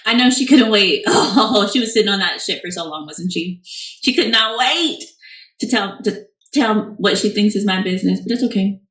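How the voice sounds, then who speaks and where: A woman's voice: mid-range voice, normal speed, a bit bright, far from the mic. A young woman chatting casually on a livestream, answering fan questions with lots of fillers and restarts. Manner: chatty, rambling, many fillers. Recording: echoey room, off-mic.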